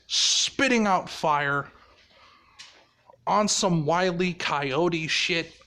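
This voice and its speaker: A man's voice: a little high, very slow, pushed and bright, slight background noise. A man telling a made-up story casually, rambling and swearing, often laughing at his own ideas.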